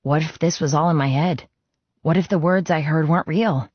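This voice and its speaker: A woman's voice: sits low, normal speed, slightly rough, no echo. A woman narrating a first-person romance audiobook in an emotional, intimate reading from a close mic. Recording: slightly dull, muffled sound.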